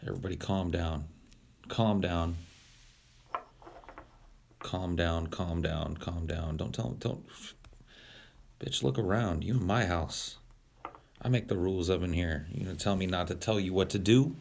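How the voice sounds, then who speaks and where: Deep gravelly man ranting at his chat. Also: moderate pace, long pauses, darkish tone, a little hiss or hum. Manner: profane, rambling, mock-commanding. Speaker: streamer talking to his live chat. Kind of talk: casual livestream chat.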